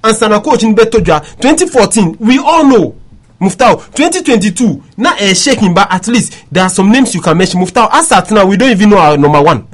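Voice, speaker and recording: A man's voice: high voice, big pitch swings, fairly quick. A Ghanaian man hosting a sports talk show, arguing insistently and repeatedly calling his co-host by name. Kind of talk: heated sports talk chat.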